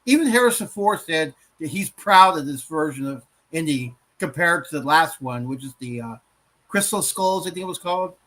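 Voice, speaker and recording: A male podcast co-host chatting casually, eager and often chuckling as he speculates. His voice is bright and forceful and sits a little high. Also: lively intonation, normal speed. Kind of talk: casual chat.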